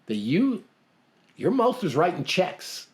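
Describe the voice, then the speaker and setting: This middle-aged Canadian podcast co-host has a high voice that swoops wildly in pitch, and he speaks slowly. His casual motivational chat is blunt and emphatic, with frequent repetition.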